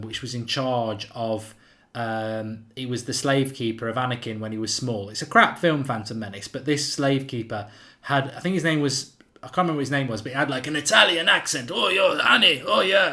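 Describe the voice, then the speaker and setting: A man's voice: mid-range voice, a bit bright. A man hosting a live football watchalong, chatting casually and reading out viewer comments. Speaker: watchalong host.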